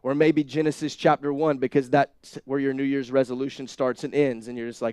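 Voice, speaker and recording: A young man preaching a sermon, moving from quiet asides to loud, emphatic bursts. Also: mid-range voice, fairly even intonation, brisk, few pauses, clear, resonant tone, no room sound. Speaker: pastor.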